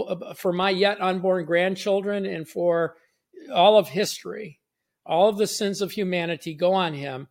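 A man hosting a short devotional, reading scripture aloud and explaining it in an earnest, conversational way with frequent restarts. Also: high-pitched. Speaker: podcast host and Bible teacher.

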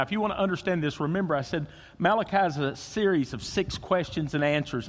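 A man preaching a sermon as pastor, swinging between loud emphasis and hushed, intimate tones. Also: on the high side, big-room sound.

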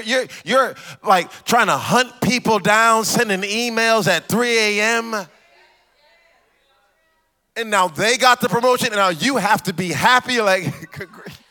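A man's voice: high-pitched, pushed and bright. A man preaching a sermon as pastor, repeating questions rhythmically and adding humorous asides.

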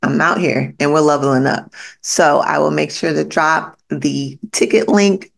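Speaking at a measured pace, the woman has a creaky voice that sits low and holds a steady tone. She hosts a podcast and delivers a profane, blunt pep talk, repeating her points emphatically right to the audience.

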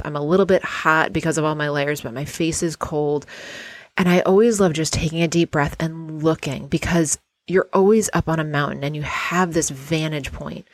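A woman with a low, deep voice leads a guided visualization, speaking in a dreamy, unhurried way. She sounds close and dry, with no room around her. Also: dry recording. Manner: dreamy, unhurried, invites the listener to picture things. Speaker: host guiding a visualization exercise.

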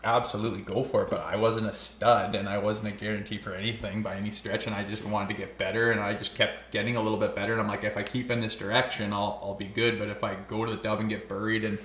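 Ex-athlete guest, lowish voice, swears freely, relaxed storyteller, roomy echo. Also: male voice, fast, few pauses, a little hiss or hum. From Canada (Olds, Alberta). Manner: loose and profane, swears constantly. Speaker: podcast guest, former hockey player. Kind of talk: casual storytelling chat.

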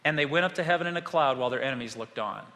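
A man preaching a sermon as a pastor, animated, swinging between hushed, soft passages and loud outbursts. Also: medium pitch, very fast, in a large hall.

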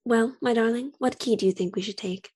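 A woman's voice: a little high, fairly quick, darkish tone, husky. A woman playing a tabletop role-playing game, speaking in a dry, playfully formal manner. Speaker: player. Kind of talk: in-character tabletop play.

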